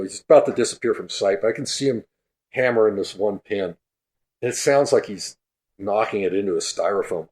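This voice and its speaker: A man guesting on a podcast, telling an animated story and acting out the quoted voices, with laughter running through it. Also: lowish voice. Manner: laughs through his stories; acts out quoted speech.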